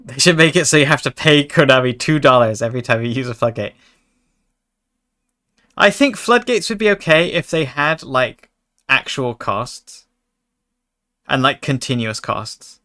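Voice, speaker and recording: A male streamer commentates a card game in a loose, chatty way, reacting to chat with jokes and put-on fury. His voice is bright and forceful, sitting at an ordinary middle pitch. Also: lively intonation, a little slow, pauses often. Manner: chatty, joking, mock-angry asides to chat. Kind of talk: casual gaming commentary.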